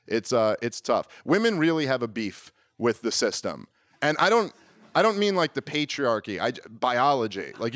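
A man's voice: medium pitch, fairly bright tone. A man in his thirties doing a stand-up comedy set, rambling and self-deprecating, often restarting his sentences and acting out little exchanges.

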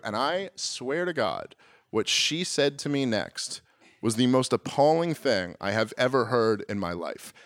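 A man doing stand-up, telling a story in an animated way and pushing his voice high and loud when he acts out his own exasperation. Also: no room sound. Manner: animated, climbs to near-shouting exasperation when acting out arguments. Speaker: stand-up comedian.

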